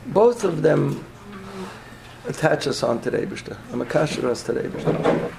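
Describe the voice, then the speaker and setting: A man teaches a Torah class in a fairly high, sing-song, gravelly voice at normal speed, amid heavy noise. He poses questions and answers them himself, repeats his points, checks in with a frequent "yeah?", and mixes Hebrew and Yiddish terms into his English.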